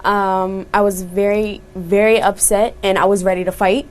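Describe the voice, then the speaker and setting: A woman's voice: mid-range voice, level tone, moderate pace, low-quality recording. A young woman, an activist guest on a talk show, speaking earnestly and firmly with many fillers. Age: young adult.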